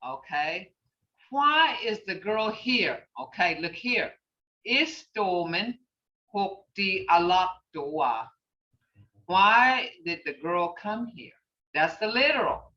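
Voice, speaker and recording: A woman teaching a language class over a video call, patiently saying phrases slowly and repeating them for her students. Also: mid-range voice, sing-song, pushed and bright. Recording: distant, roomy, dull video-call audio.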